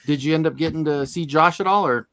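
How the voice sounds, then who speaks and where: An enthusiastic man with a somewhat high voice, hosting a casual livestream. His voice is recorded dry and close, and he speaks with easy, upbeat energy. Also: quick pace, bright, forceful tone, dry recording. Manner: enthusiastic, says dude a lot. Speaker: host.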